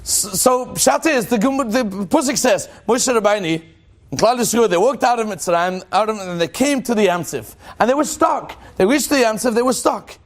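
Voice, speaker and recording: A man, a rabbi, teaching a Torah class in an animated, joking way and asking his listeners questions. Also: sits high, normal speed.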